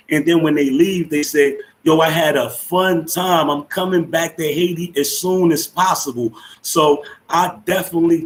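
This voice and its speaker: A man hosting a casual live stream, upbeat and chatty as he greets and shouts out his viewers. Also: on the high side.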